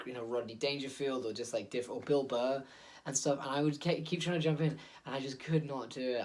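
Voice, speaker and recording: A man hosting a casual solo monologue, rambling and digressive, full of fillers and laughs, recorded on a phone. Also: medium pitch. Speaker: host.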